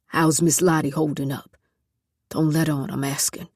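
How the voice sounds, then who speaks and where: A woman voicing a grieving, worried middle-aged father in an audiobook, speaking low and subdued. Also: little pitch movement, moderate pace, darkish tone, dry recording, clean studio sound. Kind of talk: audiobook character voice.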